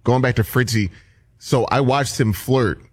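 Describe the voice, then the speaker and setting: A man's voice: mid-range voice, unhurried, no echo, clean studio sound. A man co-hosting a casual chat show, telling a gossipy anecdote. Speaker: co-host.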